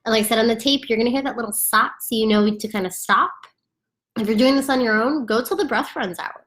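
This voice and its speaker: A woman's voice: on the high side, fast, fairly bright tone. A woman teaching a chant to beginners in a casual, chatty way at home, often laughing and demonstrating the sounds. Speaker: yoga instructor. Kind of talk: casual instructional talk.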